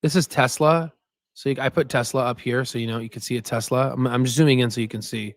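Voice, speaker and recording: A man's voice: medium pitch, steady tone, fast talker, dry recording, studio quality. A man hosting a stock market livestream in a casual, rambling way, chatting about viewer comments and often tagging "right?" onto his points. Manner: repeats "right?" as a filler. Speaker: stock market channel host.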